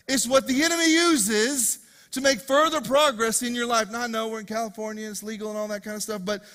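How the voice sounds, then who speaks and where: A man preaching a sermon as pastor to a congregation, swinging from loud, driving passages to hushed, repeated questions. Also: very high-pitched. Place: church hall with congregation.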